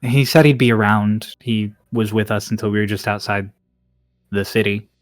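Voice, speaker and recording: A man's voice: fairly low pitch, steady tone, normal speed, dry recording, clean studio sound, close to an everyday voice. A man voicing a laid-back, blunt woman with a Cockney accent, speaking in clipped, offhand slang over faint music.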